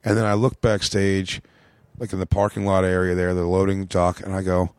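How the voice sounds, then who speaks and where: A man's voice: low-pitched, monotone, normal speed, darkish tone, clean tone, no room sound. A man with an American accent, a comedian telling a long backstage story in a rambling, profane way on a podcast. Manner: rambling, profane, acts out quotes in a raised voice.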